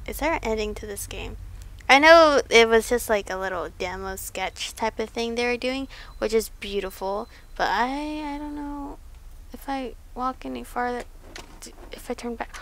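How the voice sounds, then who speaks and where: A woman's voice: on the high side, moderate pace, fairly bright tone, poor audio. A young woman commenting nervously as she plays a game for her channel, chatting about herself and admitting she is scared. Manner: nervous, jittery, easily frightened chatter. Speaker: gaming YouTuber. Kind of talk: let's play commentary.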